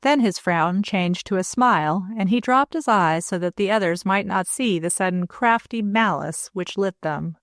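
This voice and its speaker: A woman narrating a novel as an audiobook reader in an even, clear storytelling manner. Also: mid-range voice, moderate pace, few pauses, no echo, studio quality. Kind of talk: scripted narration.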